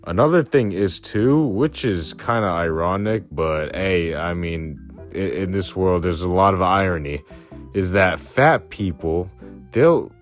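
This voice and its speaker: A man's voice: low-pitched, lively intonation, a little slow. A young man ranting casually in a blunt, crude, slang-heavy way, mocking as he goes. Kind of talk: casual rant to camera. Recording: faint music behind.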